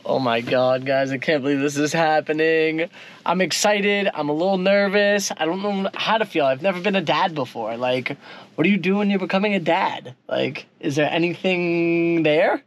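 A young man vlogging casually about becoming a first-time father, excitable and earnest. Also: a little high, moderate pace. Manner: excitable, laughing, then earnest. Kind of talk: casual travel vlog chat.

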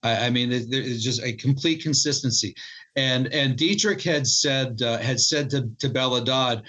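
A man, a co-author on the show as a guest, talks through his sources in an earnest way. His voice sits at an ordinary middle pitch, and he often restarts and repeats words as he goes. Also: normal speed, sharp tone, dull audio. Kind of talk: interview storytelling.

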